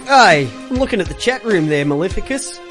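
A man's voice: high voice, big pitch swings, fairly quick, over music. A man hosting an online radio show in casual on-air banter, swearing, teasing and laughing often.

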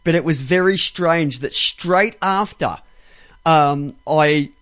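A man's voice: on the high side, slow pace, fairly bright tone, no room sound. A man ranting angrily, heavily profane and exasperated, stumbling and restarting as he gets worked up. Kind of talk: angry ranting monologue.

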